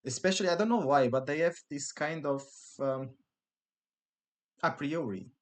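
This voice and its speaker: An Italian-accented man talks casually on a podcast, his voice sitting a touch high for a man. He wanders through ideas with restarts and quick laughs. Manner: rambling, full of restarts and laughs. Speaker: podcast co-host.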